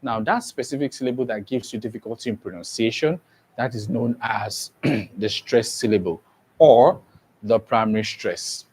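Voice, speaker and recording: A man's voice: mid-range voice, moderate pace, darkish tone, breathy edge. A man teaching a class for an exam, who repeats key phrases and keeps checking that students follow. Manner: repetitive, checks understanding often. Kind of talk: exam prep lesson.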